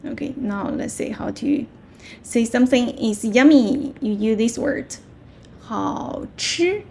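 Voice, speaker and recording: A woman with a Mandarin Chinese accent teaching a language lesson, patiently repeating words slowly with clear tones. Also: fairly high pitch, dark tone, a little hiss or hum.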